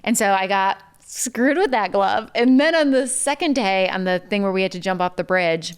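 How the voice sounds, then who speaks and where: A woman's voice: mid-range voice, lively intonation, normal speed, clear, resonant tone. A woman guest in casual chat, telling stories with many "like" fillers. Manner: chatty storytelling full of "like" fillers. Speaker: podcast guest.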